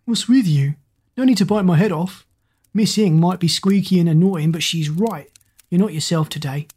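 A woman reads as a restless teenage schoolgirl with a snappy, offhand way of talking. Her voice sits a little low, and she sounds distracted and short with the people around her. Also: moderate pace, dark tone, slightly rough.

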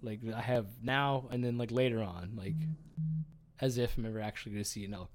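A man's voice: fairly low pitch, fairly even intonation, a little fast, crowd noise. Rambling, profane man telling a story. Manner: rambling, filler-heavy, profane. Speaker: podcast co-host. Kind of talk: casual chat, storytelling.

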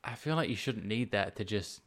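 Low-ish voiced guy, laid back, dry little comments on a movie. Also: expressive, a little fast, fairly bright tone. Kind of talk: casual film review chat.

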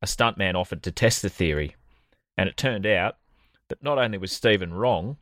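Man, deep, sardonic podcast co-host, dry close sound. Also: expressive, normal speed, a bit bright, no echo. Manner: sardonic, profane storytelling. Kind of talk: comedic podcast banter.

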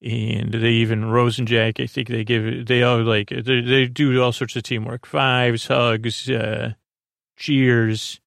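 A man's voice: mid-range voice, level tone, slow pace, gravelly, fairly bright tone, no room sound, clean studio sound. A man hosting a podcast, casually recapping a TV episode in a rambling way, full of fillers and self-corrections. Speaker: podcast host.

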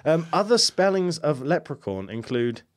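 A man's voice: a little high, big pitch swings, moderate pace. A man hosting a casual podcast, reading out folklore notes and chuckling through jokey asides. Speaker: podcast host.

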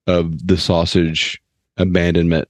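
A man's voice: low-pitched, level tone, a little slow, no room sound. A man co-hosting a comedy podcast, offering dry, reasoned commentary. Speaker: podcast co-host. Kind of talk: casual comedic chat.

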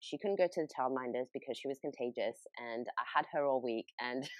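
A woman's voice: very deep voice, very animated, fairly quick, few pauses, no echo. A woman with a British accent, a podcast host telling a story in casual chat, laughing often. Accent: British English.

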